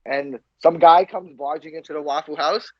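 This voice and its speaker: A man co-hosting a podcast, telling a story in an animated way and laughing often. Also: fairly high pitch, moderate pace, no echo, lo-fi sound. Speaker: podcast co-host. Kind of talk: casual chat.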